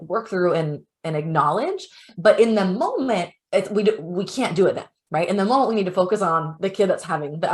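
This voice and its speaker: Chatty young woman teaching parents. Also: mid-range voice. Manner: chatty, full of "like" and "you know" fillers. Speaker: webinar presenter on parenting. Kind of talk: informal teaching talk.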